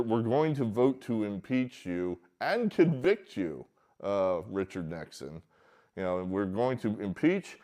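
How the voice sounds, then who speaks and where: A man's voice: lowish voice, a little mellow. A man giving casual, rambling solo political commentary from a barn, hesitant with many fillers and mocking outbursts.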